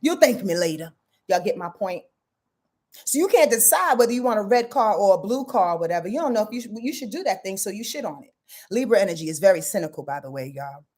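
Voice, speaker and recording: A woman's voice: mid-range voice, quick pace. A woman astrologer hosting a casual live stream, chatty and goofy, talking straight to her viewers and laughing at her own slips. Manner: animated, chatty, addresses viewers as y'all.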